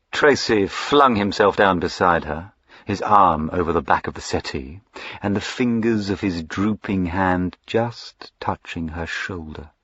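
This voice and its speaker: A man narrating a period novel in a measured, dramatic reading. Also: low voice, a bit bright, breathy edge, dry recording. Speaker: audiobook narrator. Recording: dull lo-fi recording.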